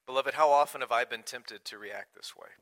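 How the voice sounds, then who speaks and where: A man preaching a sermon in an earnest way, swinging from loud emphasis to quiet, hushed asides. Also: mid-range voice, fairly quick. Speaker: pastor.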